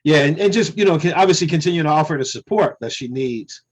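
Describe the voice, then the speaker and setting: A man's voice: a little high, expressive, fast talker. A man in a casual group conversation, talking reflectively and peppering his speech with "you know" and "man". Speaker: discussion participant.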